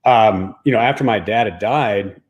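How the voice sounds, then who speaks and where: A man's voice: fairly low pitch, moderate pace, muffled recording. A man from the Dallas-Fort Worth area of Texas, a former pro baseball player, telling a personal story as a guest in a casual, profane, emphatic way.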